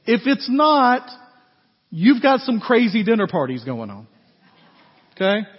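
A man preaching a sermon as pastor in a conversational, animated way, with frequent asides to his congregation. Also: sits high, unhurried, slightly rough. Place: church sanctuary. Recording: echoey hall, dull lo-fi sound.

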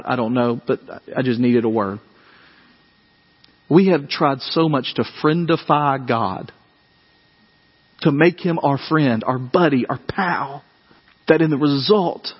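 A man's voice: medium pitch, breathy edge, big-room sound, lo-fi sound. A young man preaching a sermon as pastor, chatty and conversational, rising into dramatic outbursts when he quotes scripture. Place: church sanctuary.

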